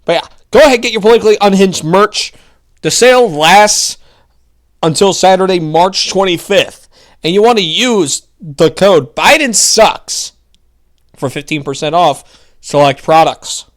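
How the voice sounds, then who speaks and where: A man's voice: high-pitched, a little slow. Young male host, casual political rant, sarcastic, mocking, loose and rambling.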